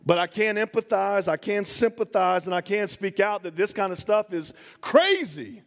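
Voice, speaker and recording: A man's voice: sits high, animated, moderate pace. A man preaching a sermon as a pastor, in a casual, conversational way with many fillers. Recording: long hall reverb.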